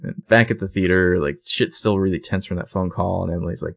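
In casual podcast chat, a male co-host recaps a TV episode scene by scene, using fillers and correcting himself. His voice sits low and gravelly, with a steady tone and a fairly quick pace.

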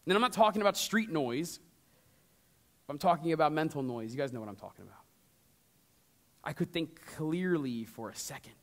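A man preaching a sermon as pastor, talking straight to the congregation and swinging from lively emphasis down to hushed storytelling. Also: fairly high pitch, normal speed, long pauses. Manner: conversational, addresses the congregation directly.

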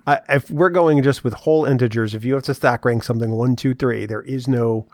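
A man's voice: medium pitch, a little fast, darkish tone, no room sound, studio quality. Teasing, wry podcast producer, a man. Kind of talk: casual chat.

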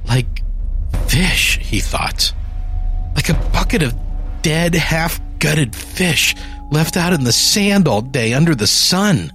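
A man narrating a dark horror story in a measured, deliberate way. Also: a little high, lively intonation, faint music behind.

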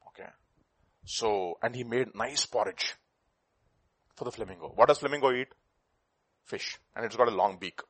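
A man with a husky, mid-range voice preaches a sermon with animation. He fires rhetorical questions at the congregation and tells a folk story to drive his point home.

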